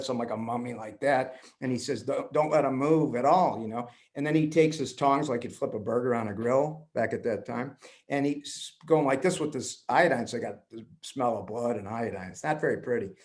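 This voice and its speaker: Man, podcast guest, mid pitch, animated storyteller, acts out voices. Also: a little fast. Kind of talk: storytelling in conversation.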